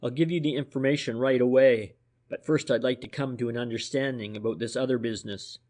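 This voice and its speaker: A man's voice: medium pitch, steady tone, brisk, darkish tone, close to an everyday voice. Furtive male private eye, read by a man, deferential and insinuating, ordinary mid-range voice, for an audiobook.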